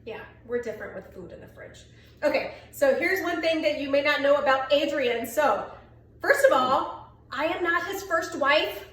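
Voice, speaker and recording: A bubbly woman with a high voice chats playfully in a casual family vlog, teasing her partner. She is recorded from a distance in an echoey room. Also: expressive, moderate pace, a bit bright, slight background noise. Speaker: vlog co-host. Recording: echoey room, mic far off.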